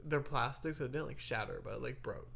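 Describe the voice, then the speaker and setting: A woman's voice: rumbling low, quick pace, gravelly, a little hiss or hum. Giggly young woman telling stories. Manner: animated, giggly, acts out quoted voices. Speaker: podcast co-host. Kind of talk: casual storytelling chat.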